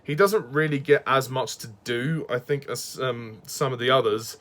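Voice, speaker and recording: A man's voice: mid-range voice, normal speed, fairly bright tone. A man giving a casual spoken review, hesitant and repeating words, with frequent chuckles.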